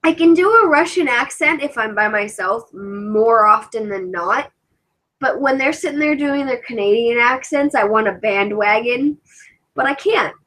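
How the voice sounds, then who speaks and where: A fairly high-voiced woman with an English accent, hosting a casual livestream chat. She rants with lots of swearing and animation, and her voice sits a little above the usual female range. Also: normal speed, low-quality recording. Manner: animated, profane ranting. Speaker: cosplayer and livestream host.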